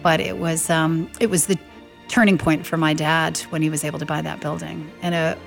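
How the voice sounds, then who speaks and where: A woman's voice: deep voice, a little fast, gravelly, soft background music. A woman telling a family story, acting out the voices of the people she quotes. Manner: lively storyteller who acts out quoted voices. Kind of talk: anecdotal storytelling.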